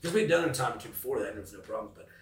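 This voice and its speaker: A man's voice: medium pitch, animated, rapid-fire. A man hosting a podcast, telling crude, profane stories in casual chat. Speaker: podcast host. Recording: roomy, distant mic.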